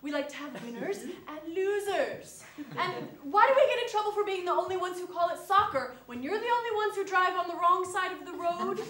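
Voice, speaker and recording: An actress with an American accent playing a proud American wife who snaps back indignantly in a comic argument. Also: female voice, very high voice, animated, brisk, bright, forceful tone, heavily acted. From USA. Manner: indignant, combative comebacks. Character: brash, proud American wife, quick to bicker. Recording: roomy live stage sound.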